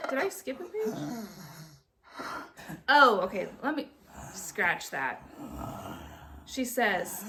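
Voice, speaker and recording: A woman's voice: a little high, big pitch swings, slow, long pauses, crowd noise. A woman hosting a book club, reading a storybook aloud to a child with chatty, playful asides.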